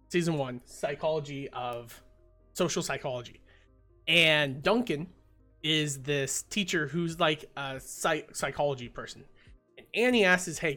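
A man hosting a relaxed podcast chat, retelling a sitcom episode with plenty of energy. His voice sits at an ordinary pitch and keeps slipping into quick acted-out quotes. Faint music plays behind him. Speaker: podcast host.

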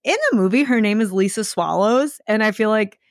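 A woman's voice: mid-range voice, fairly quick, no echo, studio quality. A woman co-hosting a podcast, chatting casually with many "like" fillers. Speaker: podcast co-host. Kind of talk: casual chat.

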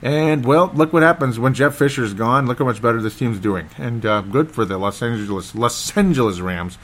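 Rambling, excitable football recap man. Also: medium pitch, moderate pace. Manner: rambling, excitable, loses his train of thought. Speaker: sports podcast host. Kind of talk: casual solo football recap.

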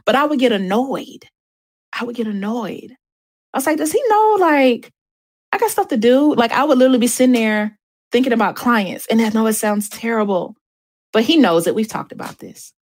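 A woman's voice: on the high side, brisk, dry recording. A woman hosting a show, talking candidly and emphatically about faith and dating, speaking straight to her listeners. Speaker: host.

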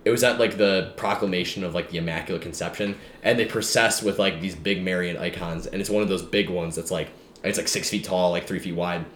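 A man's voice: deep voice, steady tone, a little fast, a bit bright. A man co-hosting a podcast in casual chat, rambling and filling his talk with "like". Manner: rambling, full of "like" fillers. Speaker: podcast co-host. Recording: echoey room, faint background hum.

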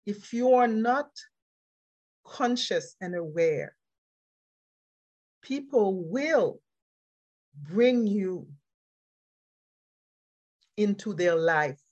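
A woman telling a personal story on a podcast, animated and laughing often, repeating key phrases for emphasis. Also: medium pitch, very slow, pauses often, dull audio. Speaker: podcast speaker and life coach.

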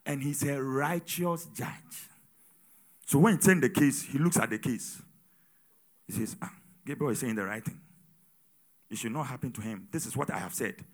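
A man preaching a sermon with call-and-response, swinging between loud exhortation and quiet asides. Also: medium pitch, moderate pace, long pauses. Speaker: pastor.

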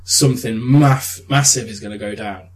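A young man chatting casually, retelling a film with lively swearing and laughter. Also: lowish voice, normal speed, poor audio. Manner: animated storytelling with swearing and laughs. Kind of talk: casual chat.

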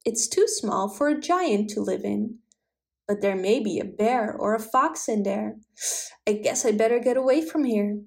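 A woman doing a kindly old rabbit gentleman. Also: mid-range voice, animated, a little slow, gravelly.

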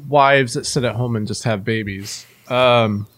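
A man co-hosting a podcast, telling an annoyed story in casual, profane chat. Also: measured pace. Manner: animated, profane, rants with rising pitch. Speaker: podcast co-host.

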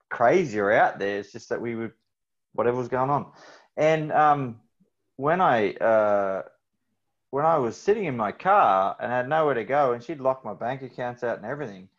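Man, podcast host, halting and candid, slightly dull audio. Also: medium pitch, expressive. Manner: halting, with many fillers. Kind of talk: candid personal story.

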